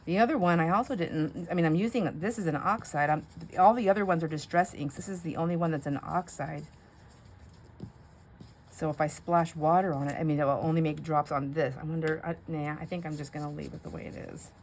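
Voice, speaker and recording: Woman, middle-aged, low voice, casual crafting chat, rambling, storytelling. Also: a little fast, darkish tone, slight background noise. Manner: rambling storyteller, many "anyhow"s. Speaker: craft vlogger.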